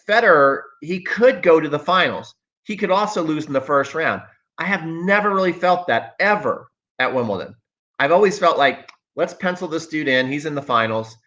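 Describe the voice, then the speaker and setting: A man's voice: on the high side, sharp tone. A man hosting a casual livestream as a tennis coach, reading viewer comments and giving emphatic, opinionated takes, often repeating himself for effect.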